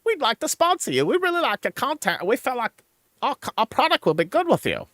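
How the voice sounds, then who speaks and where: A man's voice: huge pitch swings, quick pace, a bit bright, no room sound, clean studio sound, exaggerated voice. A man putting on a chirpy corporate sponsor guy. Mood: falsely cheerful. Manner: overly upbeat scripted sales pitch. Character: chipper corporate sponsor rep, adult man.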